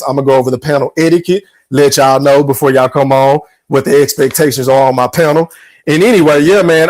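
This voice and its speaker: A man's voice: medium pitch, low-quality recording. A man hosting a podcast, giving emphatic, slangy fight-prediction commentary. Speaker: podcast host.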